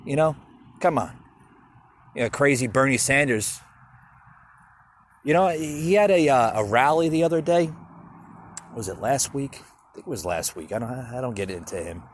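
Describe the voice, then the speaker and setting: A man's voice: medium pitch, lively intonation, moderate pace, long pauses, slight background noise. A man hosting a solo podcast, ranting in a repetitive, stammering way and calling his listeners folks. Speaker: podcast host.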